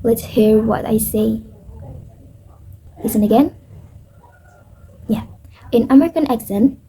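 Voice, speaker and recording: A young woman with an Indonesian accent reads out her pronunciation feedback for a class presentation, pausing often with fillers. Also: fairly high pitch, mellow, slightly rough, rough recording. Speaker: student presenter.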